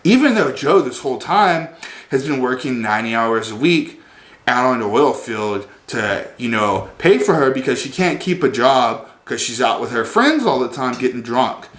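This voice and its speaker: A man's voice: medium pitch, sing-song, moderate pace, a bit bright. A man ranting as a vlogger, rambling and sarcastic, loaded with fillers. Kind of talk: comedic rant. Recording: roomy echo.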